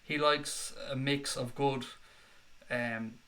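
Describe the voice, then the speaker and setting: Excitable bright-voiced man hosting a live stream. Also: mid-range voice, takes it slowly. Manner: excitable, chatty, reads out viewer comments. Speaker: football fan channel host. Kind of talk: live-stream chat reaction.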